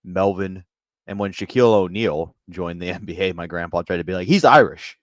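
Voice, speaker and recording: A man's voice: sits low, little pitch movement, brisk, a little mellow, no echo. A man co-hosting a comedy talk show, laid-back and joking as he shares his takes. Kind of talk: casual comedic chat.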